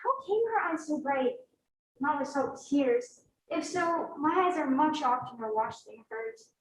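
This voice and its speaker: Woman acting a desperate lovesick young woman, pleading stage verse, high voice, far-off echoey stage sound. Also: big pitch swings, a little slow. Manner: pleading, heightened verse delivery. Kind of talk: amateur stage Shakespeare acting.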